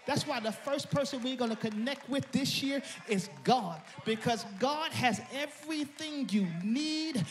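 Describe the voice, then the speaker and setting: A male pastor a sermon, with a voice high for a man. He tells a story and then builds to shouted calls for praise. Soft music plays behind. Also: moderate pace, hardly any pauses.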